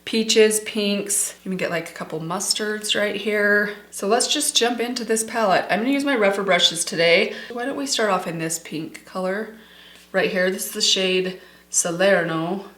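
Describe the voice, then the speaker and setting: A middle-aged woman beauty vlogger chats enthusiastically through a makeup tutorial, speaking straight to her viewers and calling them "you guys." Her mid-range voice is fairly bright, and she talks at a normal speed with few pauses. The room sounds echoey.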